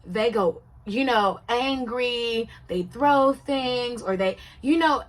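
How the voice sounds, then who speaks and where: This woman's voice is slightly high, and she takes her time while casually discussing a reality show. Emphatic and conversational, she often checks whether the listener follows by asking "you see what I'm saying."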